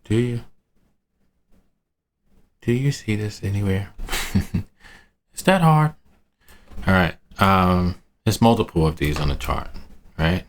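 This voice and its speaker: A man's voice: sits low, takes it slowly, pauses often. A man in a casual, rambling screen-share market review who talks to himself, uses city slang and laughs at his own asides. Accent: American urban slang. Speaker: trading analyst.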